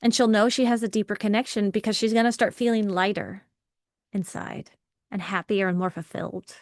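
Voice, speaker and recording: Woman, young adult, workshop facilitator; encouraging, chatty, quick to laugh; mid-range voice, dry close sound. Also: medium pitch, steady tone, no room sound. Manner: encouraging, conversational, laughs often. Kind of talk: live online workshop, reading and answering chat.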